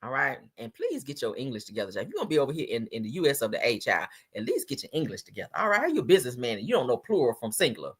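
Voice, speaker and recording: A woman's voice: extremely low pitch, huge pitch swings, racing, hardly any pauses, husky. A woman hosting a gossip livestream, commenting casually in a sassy, mocking, profane way.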